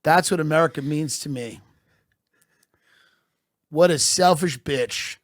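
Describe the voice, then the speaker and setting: Slow dry satirical comedian man. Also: fairly high pitch, no room sound. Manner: mock-patriotic, deadpan with rising shouted bursts.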